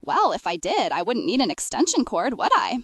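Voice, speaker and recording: A woman's voice: fairly high pitch, huge pitch swings, normal speed, fairly bright tone, husky, no room sound, heavily acted. A woman voicing a curt, sarcastic old man in his eighties in an audiobook. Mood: grumpy. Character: grumpy old man, hardware store customer.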